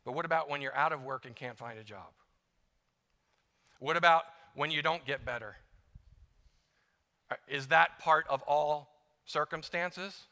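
A bright, ringing male voice, pitched a little high, preaching a casual, joking sermon in a church with a long reverb. He is middle-aged and talks like he is chatting with the congregation, acting out short prayers as he goes. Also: measured pace, pauses often. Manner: conversational, self-deprecating, acts out little prayers. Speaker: guest preacher. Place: church sanctuary.

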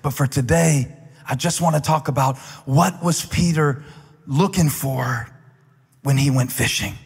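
A man preaching a sermon as pastor, building from quiet talk to impassioned shouting. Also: medium pitch, a little slow, gravelly, slightly rough. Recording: large hall with long reverb.

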